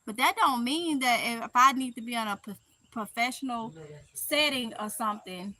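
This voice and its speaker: A woman with a Mississippi Southern accent chatting casually on a live stream, reading viewer comments aloud, animated and laughing often. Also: a little high, normal speed, no echo. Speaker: vlogger reading live chat.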